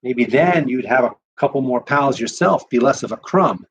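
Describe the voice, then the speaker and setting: A man's voice: mid-range voice, lively intonation, normal speed, a little hiss or hum, natural voice. A man voicing an insolent young boy sneering at his brother.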